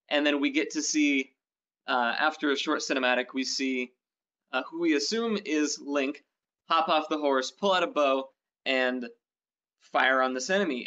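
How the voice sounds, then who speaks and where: A man's voice: mid-range voice, fairly bright tone. A man co-hosting a gaming channel, chatting casually and enthusiastically about game news with many ums and restarts. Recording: dull lo-fi sound.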